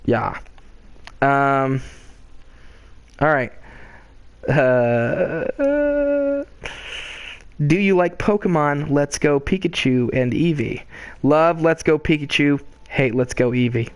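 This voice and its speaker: A man game master chatting casually while answering live questions, rambling with many restarts and quick chuckles. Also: fairly high pitch, expressive, clear, resonant tone, no room sound.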